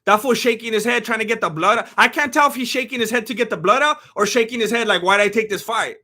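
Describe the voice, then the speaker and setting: A man hosting a live fight watch-along, talking casually and excitably, rambling with restarts and bursts of shouting. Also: very high voice, quick pace.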